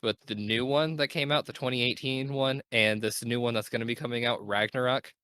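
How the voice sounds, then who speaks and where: A man's voice: medium pitch, steady tone, fairly quick, sharp tone, clean tone, dry recording. A young man hosting a casual gaming podcast, talking in an enthusiastic, rambling way and correcting himself as he goes. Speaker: podcast host.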